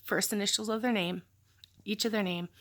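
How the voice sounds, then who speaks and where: A woman's voice: mid-range voice, fairly even intonation, brisk, fairly bright tone. A woman telling a personal story in a candid, reflective vlog, with sighs and fillers. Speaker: vlogger telling her story.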